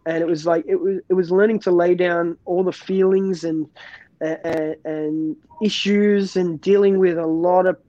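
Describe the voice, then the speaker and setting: A man's voice: high-pitched, flat delivery, measured pace, mellow, dry recording, lo-fi sound. A man, a pastor, giving an earnest personal faith testimony in an interview, often restarting and repeating words.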